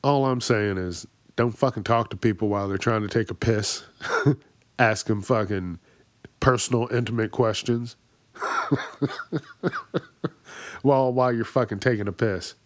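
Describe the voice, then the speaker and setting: A man's voice: on the low side, measured pace, long pauses, no room sound. A man hosting a podcast, delivering a profane, exasperated comedic rant. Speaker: podcast host. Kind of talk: ranting comedic monologue.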